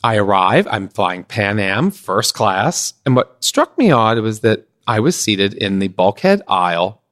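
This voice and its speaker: A middle-aged man from Pennsylvania, a guest on a podcast, telling a long anecdote in an animated way and acting out what others said. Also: on the low side, a little slow. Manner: animated, acts out others' lines in shifting voices. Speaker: podcast guest, event designer. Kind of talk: anecdotal storytelling in conversation.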